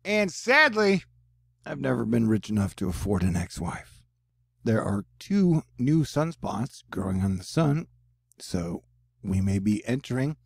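Gravelly, husky male news commentator. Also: medium pitch, a little mellow, dry recording, studio quality. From United States. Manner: rambling, self-deprecating, jokey asides. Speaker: news channel host.

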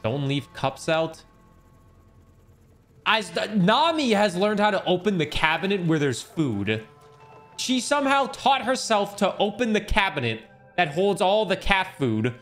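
Young man, somewhat high voice, rambling casual game chat, joking, cusses a lot. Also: big pitch swings, measured pace, fairly bright tone, soft background music. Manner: rambling, joking, swears freely. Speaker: gaming streamer. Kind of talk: casual chat over gameplay.

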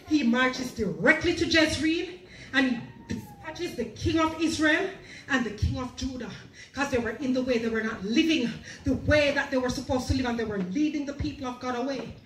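High-voiced woman preaching in an echoey hall. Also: slight background noise. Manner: storytelling, acting out the people in the story. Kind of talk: sermon. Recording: echoey church hall, mic at a distance.

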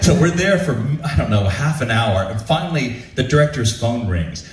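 A man telling a comic story to a live audience, animated and self-deprecating, laughing as he goes. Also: mid-range voice, moderate pace, roomy sound, distant mic. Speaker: stand-up storyteller, show host. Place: shipboard show venue.

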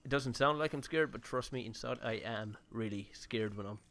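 Man, gaming commentary, rambling and casual, mid-pitched voice, faint clicks behind. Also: moderate pace, a bit bright, a little hiss or hum. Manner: rambling, casual, mild swearing. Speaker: gaming YouTuber. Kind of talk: let's play commentary.

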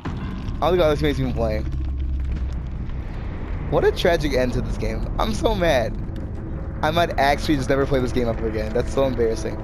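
A man's voice: mid-range voice, lively intonation, a little fast, long pauses, background noise. A young man giving casual, exasperated commentary over a game he is playing, swearing often and talking to himself and the game. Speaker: gameplay streamer.

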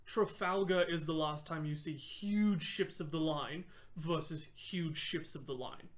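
A woman's voice: low-pitched, measured pace. A young woman co-hosting a casual history podcast, explaining with enthusiasm and frequent laughter. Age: young adult. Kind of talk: casual chat.

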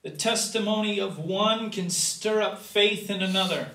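Male pastor, fairly high voice, slow deliberate sermon delivery with loud bursts and hushed drops; recorded from a distance in an echoey sanctuary. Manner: preaching with sudden loud rises and quiet drops. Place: church sanctuary.

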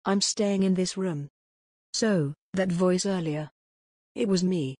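A woman's voice: lowish voice, slow pace, darkish tone, husky, dry recording, studio quality. A woman reading the lines of a composed, tense young man in an audiobook.

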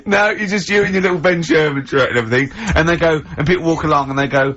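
Giggly radio host, husky voice. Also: male voice, fairly high pitch, quick pace, hardly any pauses, a bit bright, lo-fi sound. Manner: giggly, spins absurd stories. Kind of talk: playful radio banter. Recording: archive radio studio broadcast.

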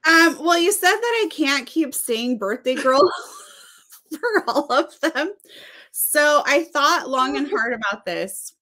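Expressive woman with a lively, swooping voice. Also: high voice, unhurried, hardly any pauses. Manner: expressive, animated storytelling. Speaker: book channel co-host. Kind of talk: casual book chat.

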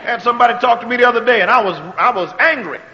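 A man with a very high, bright, forceful voice preaches a sermon, trading quiet, drawn-out lines for shouted exhortations. He keeps asking whether the congregation is listening. The sound rings through a large reverberant hall and comes across slightly dull. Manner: call-and-response preaching, asks if the congregation is still with him.

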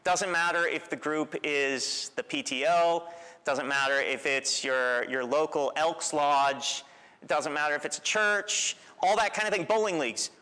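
A man preaching a sermon in a relaxed, storytelling way, with self-deprecating humor. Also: a little high, unhurried, clean tone. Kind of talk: conversational sermon. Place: church sanctuary. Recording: long church reverb.

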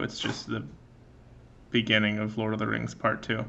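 A man's voice: fairly low pitch, monotone, moderate pace, creaky, pushed and bright, dull audio, a little hiss or hum. A young man giving rambling, sarcastic, profane commentary while playing a video game. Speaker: let's play gamer. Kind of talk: casual gameplay commentary.

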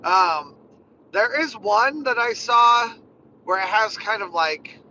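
A man's voice: high-pitched, lively intonation, takes it slowly, bright, forceful tone, muffled recording, a little hiss or hum. A man chatting casually during a car ride, rambling and laughing often. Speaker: vlogger.

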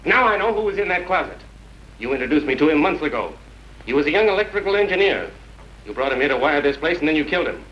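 A quick, bright-voiced amateur sleuth who fires out accusations at high speed. The sound is a dull, hissy 1930s film soundtrack. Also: male voice, very animated. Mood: accusing. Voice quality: urgent, accusing, rapid. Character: sharp-witted young man exposing the killer.

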